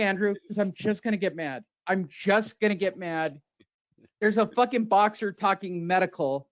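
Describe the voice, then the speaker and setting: A man's voice: high-pitched, moderate pace, no room sound. A man hosting a boxing podcast, ranting sarcastically with lots of swearing. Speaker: podcast host. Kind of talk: profane casual boxing chat. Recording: dull lo-fi sound.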